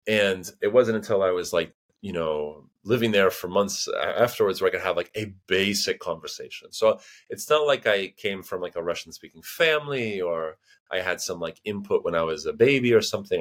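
An American man in his thirties, a linguist guest in a casual interview, telling stories with lots of fillers and acting out other people's voices. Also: sits low. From United States. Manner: animated storyteller, acts out quoted voices, frequent fillers.

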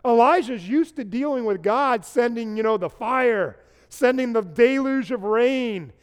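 A pastor with a strikingly high voice delivers an earnest sermon, pressing his online listeners with questions and repeating key phrases for emphasis. His words ring out with a long reverb trailing behind them. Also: animated, unhurried, clean tone.

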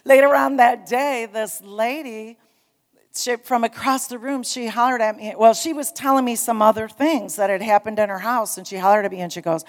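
A woman preaching a sermon, telling a story with animated emphasis and urging her congregation on. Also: on the high side, normal speed, in a large hall. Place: church sanctuary.

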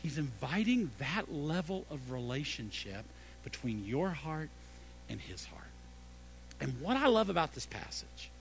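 A middle-aged male pastor preaching a sermon, swinging between loud emphatic peaks and hushed low phrases, and repeating key phrases for emphasis. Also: very animated, a little slow, vocal fry, a little hiss or hum.

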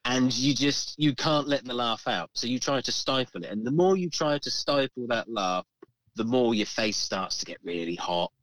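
A man co-hosting a podcast, telling a story in a casual, animated way and acting out the voices of the people in it. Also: medium pitch, normal speed, no room sound, rough recording. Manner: animated, swearing, acts out the voices in his story. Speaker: podcast co-host.

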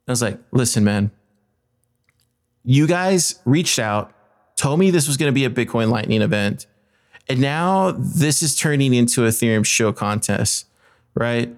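A man's voice: mid-range voice, moderate pace. A man hosting a podcast, retelling a story in a heated, profane rant and acting out the other people's lines in quoted voices. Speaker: podcast host.

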